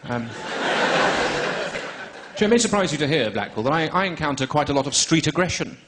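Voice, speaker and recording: Posh English male stand-up, rapid and deadpan, recorded live with background noise. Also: fairly high pitch. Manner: dry, self-mocking, drawn-out delivery with pauses for laughs. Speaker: stand-up comedian. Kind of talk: stand-up comedy set. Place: comedy stage before a live audience.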